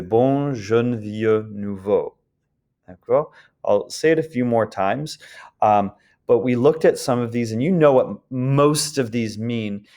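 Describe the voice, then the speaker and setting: A man talks his students through a grammar topic in a recorded lesson, at an easy, unhurried pace. His delivery is relaxed and casual, dotted with ums, and he pauses now and then to check that they follow. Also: mid-range voice. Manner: relaxed, frequent ums, chants the word list rhythmically. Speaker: French teacher.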